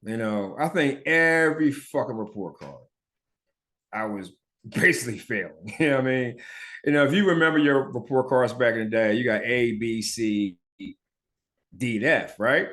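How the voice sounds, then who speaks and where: A man's voice: mid-range voice, normal speed, fairly bright tone. A man from Philadelphia hosting a podcast and telling his own story in a blunt, chatty way, with profanity and the occasional stutter or mumbled word. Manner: stutters and mumbles now and then. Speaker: podcast host. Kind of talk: casual personal storytelling.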